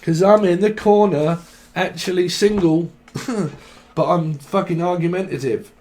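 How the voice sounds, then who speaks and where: A man's voice: sits high, fairly even intonation, unhurried, a little mellow. Profane, rambling man reading tarot. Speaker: tarot reader. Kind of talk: casual tarot reading to camera.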